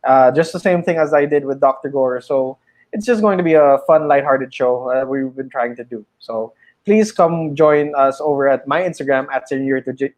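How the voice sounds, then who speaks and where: A man from the Philippines who is a pro wrestler, hosting a casual livestream chat over a video call, upbeat and steady. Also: medium pitch. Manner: plugging shows, steady and upbeat. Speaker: pro wrestler and show host.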